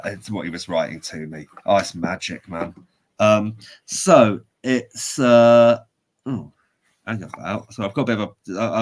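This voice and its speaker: Man, podcast co-host, low voice, rambling anecdote, chuckling, false starts. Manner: rambling, laughing storyteller with many restarts. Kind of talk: casual chat, storytelling.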